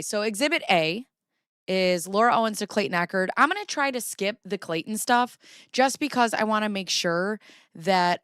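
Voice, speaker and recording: Giggly lady streamer reading court papers to chat, bright smooth voice, dry room. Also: medium pitch, dry recording. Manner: giggly, chatty, talks to chat. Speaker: livestream host. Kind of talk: casual livestream commentary, reading documents aloud.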